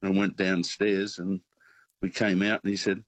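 A man calls in to a radio show and rambles through an anecdote. His voice sits very low and husky, and the sound is dry and close. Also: little pitch movement, moderate pace, no room sound, low-quality recording. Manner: rambling storyteller. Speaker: radio caller. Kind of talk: phone-in anecdote.

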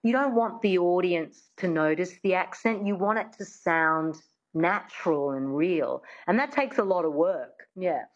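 A woman dialect coach from Australia, explaining how to learn an accent and modelling sounds slowly. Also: on the low side, dull audio. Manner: demonstrative, slows down to model sounds. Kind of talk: teaching an accent in an interview.

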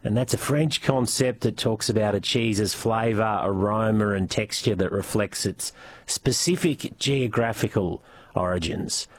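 A man's voice: fairly low pitch, unhurried. A man hosting a rural radio show, asking questions conversationally with slight hesitations. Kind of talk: radio interview and show wrap-up.

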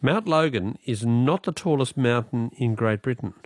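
A man's voice: mid-range voice, lively intonation, normal speed, no room sound, studio quality. Wry Australian man hosting a radio quiz. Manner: chatty, wry, teasing. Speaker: radio quiz host taking callers.

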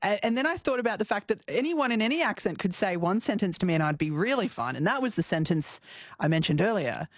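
A woman's voice: medium pitch, big pitch swings, fast, no room sound. Woman co-host, bubbly and teasing, voice swoops up and down, dry studio. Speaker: radio co-host. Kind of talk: casual radio chat. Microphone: studio mic.

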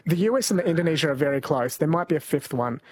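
Chatty husky-voiced radio host, a man. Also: fairly high pitch, expressive, fast, a little mellow, no room sound. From New Zealand. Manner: chatty, laughs easily, reads out listener texts. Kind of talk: casual talkback radio chat.

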